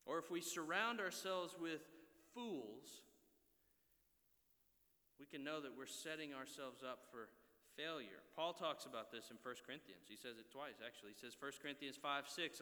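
Bright-voiced preacher in a reverberant hall. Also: male voice, on the high side. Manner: earnest, exhorting, keeps checking with "right?". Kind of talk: sermon. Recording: long reverb of a large hall.

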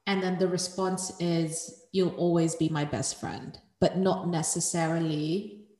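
Woman, podcast co-host, fairly low voice, thoughtful casual chat, echoey room. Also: steady tone, a little slow, dark tone. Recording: roomy with long reverb.

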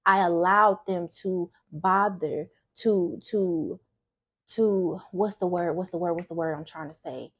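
A woman's voice: fairly low pitch, measured pace, breathy edge. A young woman giving a candid, emotional personal faith testimony in a casual, earnest way, often restarting her sentences. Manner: casual speech with frequent restarts. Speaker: faith vlogger.

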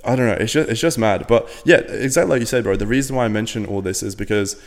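A young man from Latvia speaks in a fairly low voice, talking casually as a podcast guest. He is blunt, swears freely, and fills his sentences with "like" and "you know". His voice rings with a long reverb, as if in a large room. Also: quick pace, gravelly. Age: 20s. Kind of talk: casual interview talk.

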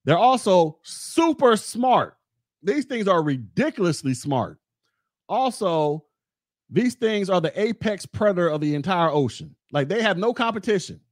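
A man's voice: sits high, sing-song, measured pace, no room sound, clean studio sound. A man hosting a podcast, talking in a blunt, rambling way straight to his listeners. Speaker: podcast host. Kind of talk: casual monologue podcast.

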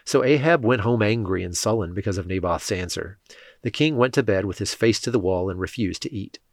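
A man reads scripture in a steady, measured narration. His voice sits low, and the recording is dry with no room sound around it. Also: no echo. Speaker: scripture reader.

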